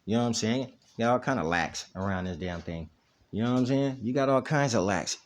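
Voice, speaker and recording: Low-pitched man hosting a home dog vlog on camera, rambling and casual, asking "you know what I mean" a lot. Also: lively intonation, a little fast. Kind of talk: casual chat. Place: at home, indoors.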